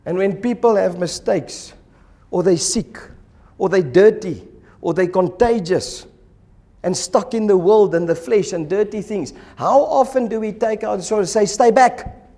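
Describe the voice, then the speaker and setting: A man preaching a sermon in church, animated and acting out the voices of the people in his stories. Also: high-pitched, measured pace. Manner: animated, acts out quoted voices. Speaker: pastor.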